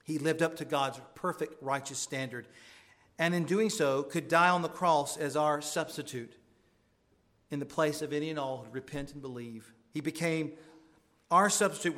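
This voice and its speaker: A man's voice: on the high side, normal speed, fairly bright tone. A male pastor preaching a sermon with earnest emphasis, his voice rising on pointed questions.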